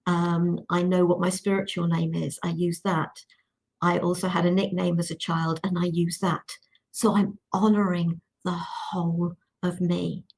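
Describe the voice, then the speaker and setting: A woman guest on a panel discussion, giving gentle, soothing instructions. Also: on the low side, little pitch movement, unhurried.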